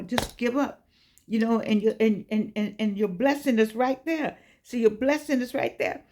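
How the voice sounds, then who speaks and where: A woman's voice: on the high side, steady tone, normal speed, dark tone, a little hiss or hum. A woman in her eighties giving an inspirational talk in an earnest, preaching cadence, full of repeated words and restarts. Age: 80s. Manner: repetitive, many stammered restarts. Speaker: motivational speaker.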